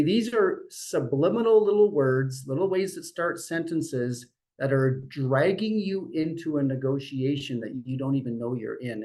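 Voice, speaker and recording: A middle-aged man leading a real estate team meeting, talking in a lively, joking way and acting out what clients say. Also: medium pitch, rough recording. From Dutch family. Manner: lively, jokey, acts out clients' voices. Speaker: brokerage leader running a team meeting. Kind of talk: motivational meeting talk.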